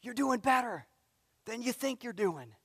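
High-voiced pastor preaching in a hall. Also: male voice, expressive, measured pace, vocal fry, fairly bright tone, slightly rough, studio quality. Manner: emphatic, repeating a refrain. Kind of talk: sermon. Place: church sanctuary.

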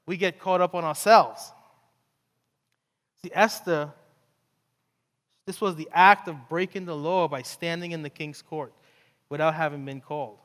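A man preaching a sermon, retelling the story in an animated, conversational way with playful asides. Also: fairly high pitch, unhurried, long pauses. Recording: long hall reverb.

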